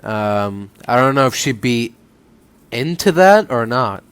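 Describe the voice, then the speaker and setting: A relaxed man talks through a game at a slow, unhurried pace. His voice sits mid-range and wanders between thoughts in casual commentary. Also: mid-range voice, clean tone, dry recording. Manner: relaxed, rambling with fillers and restarts. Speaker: let's play host.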